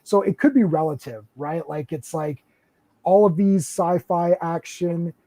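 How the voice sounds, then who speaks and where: A man's voice: on the high side, a little slow, mellow. A man in his forties hosting a casual film discussion. He rambles and repeats words as he searches for what to say. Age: 40s. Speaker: podcast host.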